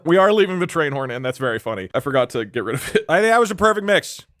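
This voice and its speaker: A young man streaming live, chatting casually, laughing often and shouting bits in character. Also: on the high side, sing-song, racing, no echo, clean studio sound.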